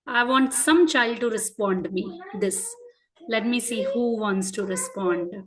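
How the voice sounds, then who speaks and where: A woman with an Indian English accent teaching a class of children, asking them frequent questions and telling stories in an animated way. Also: fairly high pitch, measured pace, a crowd in the background, poor audio. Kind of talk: interactive lesson for children.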